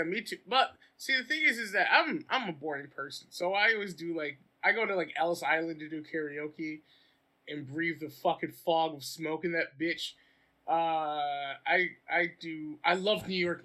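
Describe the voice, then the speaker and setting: A high, very bright male voice belongs to an American man chatting on a podcast. He is loud and animated, swearing freely as he piles up stories. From United States. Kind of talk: casual chat.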